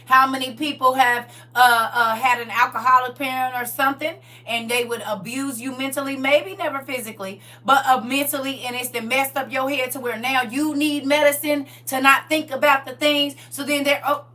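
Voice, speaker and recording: A woman's voice: high voice, fairly even intonation, normal speed, hardly any pauses, bright, forceful tone, recorded from a distance. A woman teaching a livestreamed Bible study, reading scripture aloud and talking to her viewers directly in a casual, preachy way.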